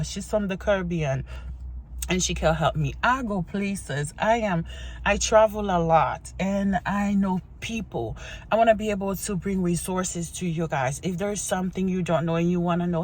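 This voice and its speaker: A woman's voice: fairly low pitch, moderate pace. A young woman from Haiti with a Haitian accent, chatting casually and encouragingly as she introduces herself on her vlog. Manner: chatty and encouraging, with frequent restarts and "you know". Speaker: vlogger. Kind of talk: casual get-to-know-me vlog.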